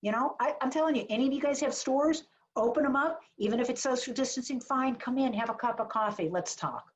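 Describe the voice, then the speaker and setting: A woman's voice: high-pitched, fast talker. A woman marketing advisor giving a chatty, blunt webinar talk full of jokes and asides over a video call. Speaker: small business marketing advisor. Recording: dull lo-fi webinar audio.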